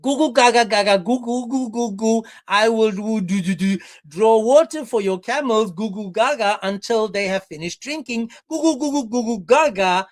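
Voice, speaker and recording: A man's voice: high voice, normal speed, few pauses, natural voice. A man doing a babbling toddler girl. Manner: goo-goo baby babble. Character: babbling three-year-old girl, tiny and clumsy.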